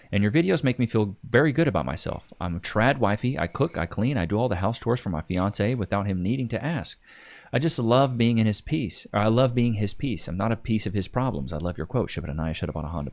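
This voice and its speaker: Lively young man telling stories on stream. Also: fairly low pitch, dull audio. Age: 20s. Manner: animated storytelling, swearing, laughing. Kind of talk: casual stream chat reacting to comments.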